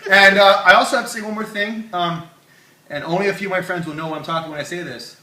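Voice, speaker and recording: A man hosting a comedy show, rambling and joking with loud bursts, in an echoey room. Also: high-pitched, quick pace, far from the mic. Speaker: comedy podcast host. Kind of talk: casual comedy banter.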